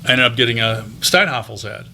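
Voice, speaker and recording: Bright-voiced man in his fifties. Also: mid-range voice, lively intonation, a little fast, creaky, slight background noise. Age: 50s. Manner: chatty anecdotal telling with frequent ums and restarts. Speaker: guest, teacher and voice actor. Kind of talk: casual interview storytelling.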